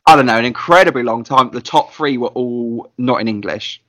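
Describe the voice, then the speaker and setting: A man co-hosting a podcast in casual chat, excitable and opinionated. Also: medium pitch, fairly quick, slight background noise. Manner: excitable, opinionated, lots of fillers. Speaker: podcast co-host.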